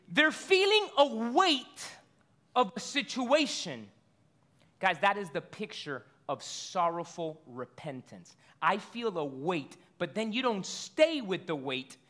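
A man delivers a sermon in a high, bright voice. He preaches conversationally, tossing out rhetorical questions and stumbling into quick restarts as he works through his point. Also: very animated. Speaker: pastor.

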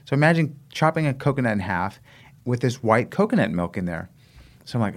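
An American man tells his travel stories in a casual interview, lively and laughing as he goes. He slips into the voices of people he met, and his pitch sits in a plain middle range. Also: brisk. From United States. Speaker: guest, long-distance runner.

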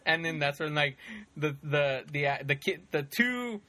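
A man with a fairly high, bright, forceful voice chats casually as a host. He retells scenes in an animated, rambling way, full of fillers and laughter. The sound is dry, with no room echo. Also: unhurried. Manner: animated storytelling, many fillers, laughs often. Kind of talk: casual chat about movies.

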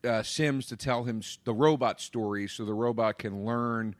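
A man's voice: mid-range voice, normal speed, no echo. A man co-hosting a movie podcast, talking casually in a blunt, sarcastic way with plenty of swearing. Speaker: podcast co-host reviewing movies. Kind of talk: casual chat.

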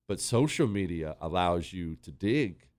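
A man hosting a political talk radio show, sarcastic and mocking, jumping between loud jabs and low asides. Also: expressive, measured pace, no room sound, studio quality.

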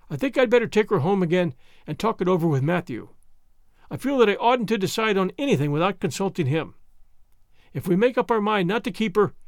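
A man voicing a reserved middle-aged spinster who speaks slowly and deliberately, in a storybook reading. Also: high-pitched, no echo, clean studio sound. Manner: slow and measured.

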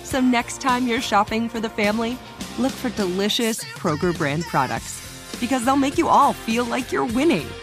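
A woman's voice: on the high side, animated, normal speed. A woman reading an upbeat scripted radio ad. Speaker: ad announcer. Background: music.

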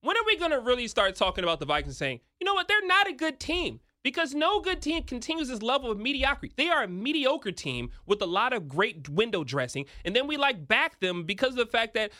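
A young man giving sports betting picks in an emphatic, excitable talk-show manner. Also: very high-pitched, fast, few pauses, dry recording, studio quality. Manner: emphatic, rising to excited near-shouts.

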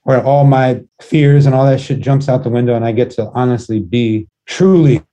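A middle-aged man talks casually in an interview, his warm, mellow voice drifting through rambling sentences full of fillers and the odd curse. His pitch sits in a middle range and he sounds at ease. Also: moderate pace. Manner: loose, rambling, many fillers and curse words. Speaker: guest musician.

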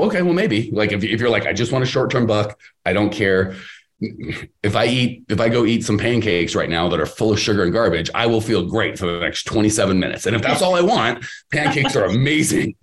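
A man in casual podcast conversation, giving business advice with an emphatic, animated delivery and playing out the voices he quotes. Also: on the low side, brisk. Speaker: podcast host and business coach.

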